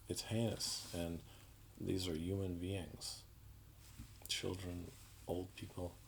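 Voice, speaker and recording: Deep gravelly man ranting. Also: flat delivery, noisy background. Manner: indignant, sarcastic, halting with restarts. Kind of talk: political commentary monologue.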